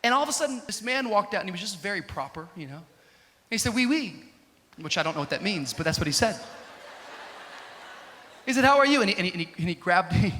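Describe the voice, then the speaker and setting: A male pastor telling a story in a sermon, acting out the dialogue and building up to shouting, in a reverberant church hall. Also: high-pitched, lively intonation, fast.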